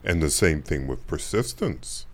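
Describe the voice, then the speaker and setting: A man with an extremely deep voice who speaks slowly and deliberately. He lays out his points step by step in a relaxed radio talk show chat. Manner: measured, explains things step by step.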